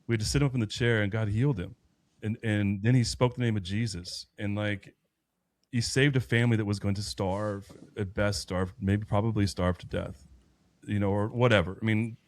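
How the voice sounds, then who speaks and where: A man's voice: lowish voice, steady tone, normal speed. A man in his thirties, a podcast guest, telling a personal faith story in an earnest, rambling way with many restarts. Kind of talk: personal faith testimony in conversation.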